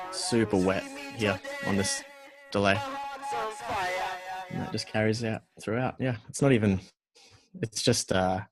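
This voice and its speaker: This Australian-accented music producer has a slightly rough voice on the low side. Music plays behind him as he casually walks through his session, poking fun at himself and using lots of fillers.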